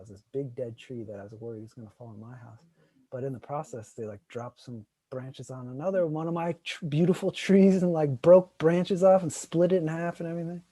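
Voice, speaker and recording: A man co-hosting a casual chat, telling a story animatedly and acting out other people's lines loudly. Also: fairly high pitch, fairly quick, husky, no echo. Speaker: co-host.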